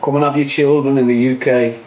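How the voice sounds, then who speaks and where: A man's voice: medium pitch, flat delivery, fairly quick, a little mellow, highs cut off. A young man with a Liverpool accent, ranting opinions on his online show in a casual, repetitive way, ending lines with "mate". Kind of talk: casual livestream rant.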